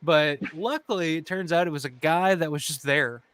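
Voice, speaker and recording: A man's voice: fairly high pitch, normal speed, fairly bright tone, clean tone. A man hosting a casual chat show, telling a story in a loose, swearing way, laughing often and acting out what people said. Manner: swears freely, laughs often, acts out quotes. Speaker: channel host.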